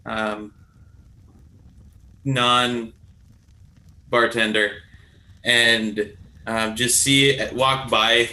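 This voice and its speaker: Slow, bright-voiced male player. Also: medium pitch, flat delivery, low-quality recording. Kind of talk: playing a tabletop game.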